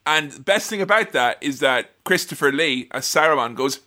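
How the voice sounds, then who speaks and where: A man's voice: fairly high pitch, lively intonation, normal speed, sharp tone. A young man co-hosting a casual film-recap chat, joking around and slipping into silly character voices. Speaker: podcast co-host.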